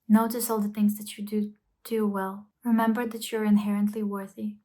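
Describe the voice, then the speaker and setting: A woman's voice: medium pitch, level tone, moderate pace, warm tone. A woman talking to camera in a casual, earnest self-help vlog, coaching the listener and asking rhetorical questions. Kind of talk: casual motivational talk to camera.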